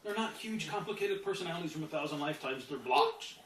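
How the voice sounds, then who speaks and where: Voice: mid-range voice, expressive, fast talker, a bit bright, roomy sound. A self-help teacher talking through a method in a casual lesson, acting out inner voices and often asking "right?", recorded on a distant mic with background noise.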